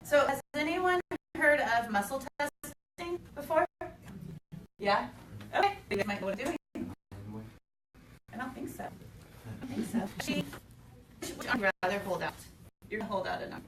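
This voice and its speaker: A woman's voice: a little high, lively intonation, normal speed, long pauses. A woman presenting a workshop, guiding a volunteer step by step in front of a small audience. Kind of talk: live workshop demonstration. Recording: echoey room, distant mic, background noise.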